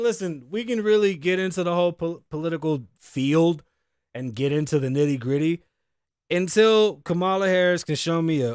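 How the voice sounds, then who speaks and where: A middle-aged man hosting a podcast, ranting in casual, profane, animated commentary and wheezing a little. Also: fairly high pitch, dry recording, clean studio sound. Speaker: podcast host.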